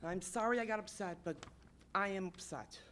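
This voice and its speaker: A woman's voice: medium pitch, fairly quick, a bit bright, slight background noise. A woman speaking at public comment in a village council meeting, upset and insistent, apologizing for her emotion while pressing her complaint.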